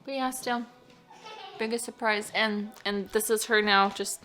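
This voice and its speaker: A woman's voice: medium pitch, flat delivery, moderate pace, long pauses, sharp tone, soft background music. A woman and mother telling a personal story to her camera in a casual, rambling way with frequent laughs, recorded at home on a camera-top microphone. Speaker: vlogger and mother.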